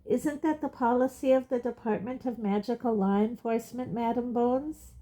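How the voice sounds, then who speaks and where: A woman reading aloud, voicing a calm, pleasant old male wizard in a storybook reading. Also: a little high, pitched above the performer's own voice, close to an everyday voice. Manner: pleasant, measured.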